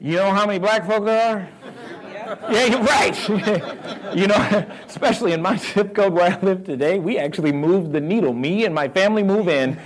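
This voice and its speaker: A middle-aged man with a Southern American accent giving a motivational talk to a live audience, firing questions at them and laughing often. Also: high voice. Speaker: real estate investor speaking to a live audience.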